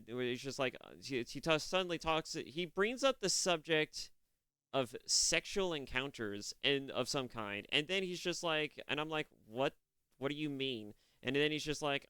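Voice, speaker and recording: Young man, bright voice, very clear, profane rambling commentary, dry close mic. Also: fairly high pitch, expressive, moderate pace, no echo. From California. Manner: profane, ranting, rambling with restarts. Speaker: reaction streamer. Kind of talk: casual commentary.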